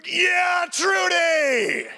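A man's voice: very high-pitched, expressive, drawn-out words, pushed and bright, shouting, pitched above the performer's own voice, exaggerated voice. A pastor acting out a middle-aged man who yelps and whoops with joy while his back is cracked. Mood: ecstatic yelling. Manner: shrieking, whooping.

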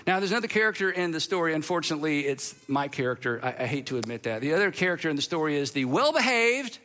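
A man's voice: fairly high pitch, sharp tone. A male pastor preaching a sermon in a conversational, playful way, with asides to the congregation.

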